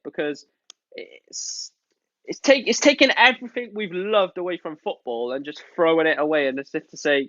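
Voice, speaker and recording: A man's voice: a little high, moderate pace, fairly bright tone, dry recording. A man live-streaming, ranting about football in an angry, exasperated way and swearing often. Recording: dull, lo-fi stream audio.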